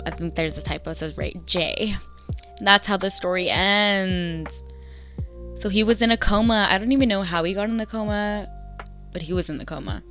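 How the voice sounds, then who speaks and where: A young woman casually reading and recapping a story aloud, chatty, and acting out the lines of dialogue in animated bursts. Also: medium pitch, moderate pace, soft background music. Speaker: vlogger reading fanfiction aloud.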